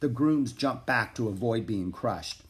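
A man reading a children's chapter book aloud, animated and expressive. His pitch rides up and down with the action, sitting in a middle register. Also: measured pace. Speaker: narrator.

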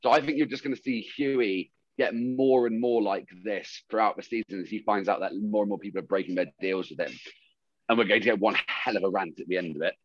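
A male co-host in casual podcast chat, chatty and opinionated with frequent laughter, at a middling pitch. The recording is dry and a little dull, with no room sound. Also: fairly even intonation, a little fast, no room sound.

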